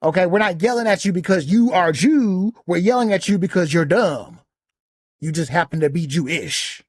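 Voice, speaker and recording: A man's voice: high-pitched, expressive, normal speed, slightly rough, no echo, studio quality. A man who is a soldier hosts a podcast, giving blunt, profane, indignant commentary. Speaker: podcast host reacting to a clip. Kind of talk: casual commentary rant.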